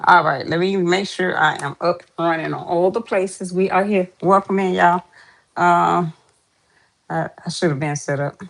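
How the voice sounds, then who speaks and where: Low gravelly woman hosting a live stream. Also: steady tone, moderate pace. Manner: chatty, repeats greetings to viewers. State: out of breath. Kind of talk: casual live-stream chat.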